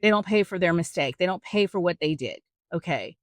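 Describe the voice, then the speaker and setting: A woman hosting a podcast, teaching a Bible story in a chatty, animated way with joking asides to her listeners. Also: fairly low pitch, a little fast, no room sound, clean studio sound. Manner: chatty and animated, acts out quotes with big voice swings. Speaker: podcast host.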